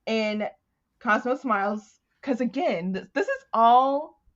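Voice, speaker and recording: Animated woman podcast host, lively pitch. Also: slow pace. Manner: animated, acts out character voices while retelling. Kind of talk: casual book discussion. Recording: dull lo-fi sound.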